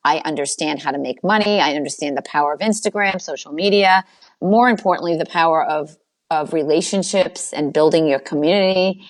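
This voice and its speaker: Brief: confident Boston-accented woman, quick talker, lower voice, podcast guest coach. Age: older. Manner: fast-talking, self-assured. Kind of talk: podcast interview.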